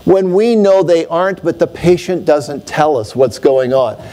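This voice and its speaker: Man, middle-aged, conference keynote, lively storyteller, fairly high voice. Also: unhurried. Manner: animated storyteller, swings pitch for emphasis. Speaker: optometrist speaking at a conference.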